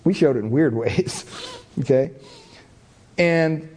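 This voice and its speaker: Speaking slowly in a fairly high, somewhat dark voice, a middle-aged pastor delivers a sermon built on candid, self-deprecating anecdotes. His talk is conversational and full of fillers such as "you know."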